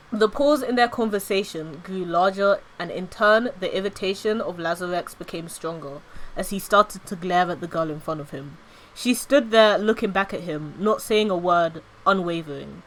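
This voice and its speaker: A woman streamer reading her own story aloud with expressive storytelling narration. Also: on the low side, a little hiss or hum, poor audio.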